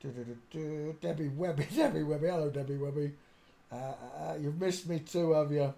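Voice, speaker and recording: Rambling granddad livestream host. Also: male voice, fairly high pitch, a little fast, creaky, dark tone. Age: older. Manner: chatty, hums and mutters to himself while clicking around. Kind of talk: rambling live-stream chat.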